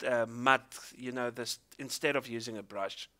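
A man's voice: mid-range voice, fairly even intonation, normal speed, sharp tone. A South African man hosting a casual interview, chatty and hesitant with many fillers.

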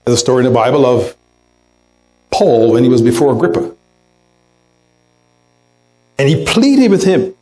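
A man's voice: medium pitch, big pitch swings, moderate pace, pauses often, mellow, poor audio. A pastor preaching a sermon in a church, earnest, lifting his voice to act out quoted words. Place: church sanctuary.

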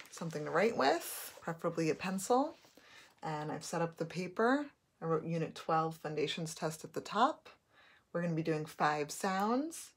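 A woman teacher giving a recorded spelling test, dictating words slowly and repeating each one. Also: sits low, slightly rough.

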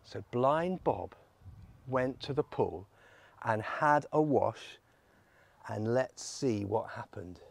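A man leading family worship as a vicar, telling a Bible story in an animated, playful way with props. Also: mid-range voice, slow pace, gravelly, long pauses, dry recording. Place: church.

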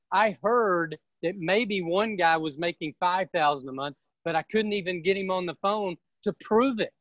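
A man, a real estate team leader, giving an energetic and emphatic motivational seminar talk. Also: high voice, moderate pace, few pauses, no room sound, dull audio.

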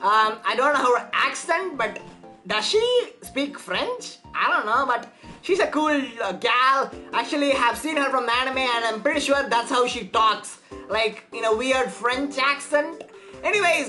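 A woman's voice: high-pitched, animated, measured pace, bright, forceful tone, soft background music. A woman giving casual let's play commentary, chatty and nervous, stumbling over words. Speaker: video game streamer.

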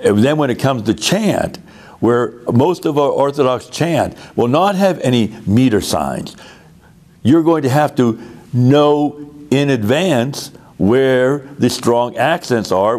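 A man's voice: medium pitch, a little mellow. A man teaching a conducting lesson, patient and explanatory, often repeating words as he goes. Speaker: music teacher.

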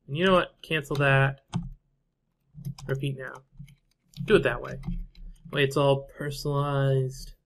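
A man's voice: mid-range voice, steady tone, a little slow, vocal fry, pauses often. A man casually commentating his own strategy game play, thinking aloud and trailing off with fillers and half-finished thoughts. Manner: musing to himself, trailing off with fillers. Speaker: gameplay commentator.

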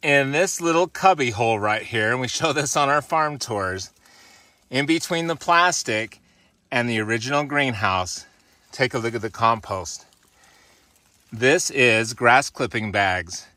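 A man's voice: mid-range voice, a little slow, pushed and bright, no room sound. A man in his forties, a farmer, talking to viewers in a casual, upbeat way while filming himself, out of breath from shoveling snow, outdoors and in a greenhouse. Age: 40s. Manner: upbeat, addresses viewers as guys. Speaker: farmer and channel host. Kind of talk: casual walk-and-talk farm vlog. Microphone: handheld camera, filming himself.

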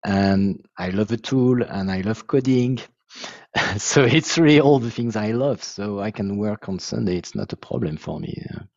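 A man from France with a French accent, explaining his software in a casual video call, halting and searching for English words. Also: lowish voice, animated, no echo, lo-fi sound. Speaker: software founder presenting his tool.

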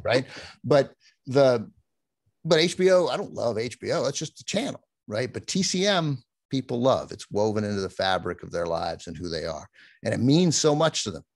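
A middle-aged man, a film channel host, talking in an animated interview, often breaking off and restarting his sentences. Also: on the low side, no echo. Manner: animated, self-interrupting, does mock newscaster voices. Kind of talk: conversational interview.

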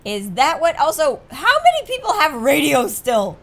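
Young woman, gaming host, somewhat high voice, jokey commentary, reads dialogue aloud, casual swearing. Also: huge pitch swings, normal speed. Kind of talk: let's play commentary.

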